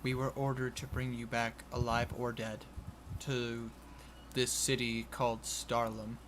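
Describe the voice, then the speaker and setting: A man's voice: mid-range voice, little pitch movement, a little slow, background noise, close to an everyday voice. A man voicing a stern male orc in a tabletop game, speaking bluntly and matter-of-factly.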